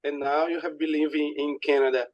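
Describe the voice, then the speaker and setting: A man, a student on a casual video call, speaking in a halting, careful way. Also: on the high side, flat delivery, muffled recording.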